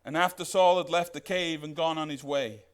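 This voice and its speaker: Guy preaching a sermon, pretty high voice, keeps asking the church stuff. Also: moderate pace, smooth. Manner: animated, asks the congregation questions. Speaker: pastor.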